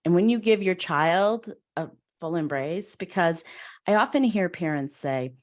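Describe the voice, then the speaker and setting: A middle-aged woman hosting a casual interview, chatting warmly and laughing now and then. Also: on the low side, animated, a little slow. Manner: warm, chatty, often laughs and acts out quoted voices. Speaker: podcast host.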